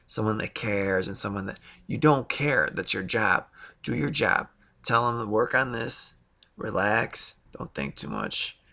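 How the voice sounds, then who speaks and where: A man's voice: lowish voice, lively intonation, a little slow, gravelly, bright, forceful tone. A man in his thirties talking in a rambling, blunt way, recounting his own experiences in a casual monologue. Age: 30s. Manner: rambling and blunt, with frequent fillers and asides. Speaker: vlogger.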